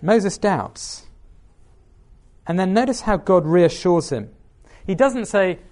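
A man's voice: sits high, takes it slowly, a little mellow. A man preaching a sermon, reading scripture aloud and asking the listeners questions.

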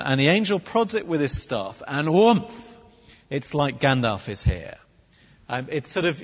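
A preacher gives a sermon with wry humour and a very lively, swooping pitch. His voice is a little husky and slightly high. It sounds dull and echoey, as if caught from the far side of a large hall. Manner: animated, wry, with comic put-on voices. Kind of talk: sermon with humorous asides.

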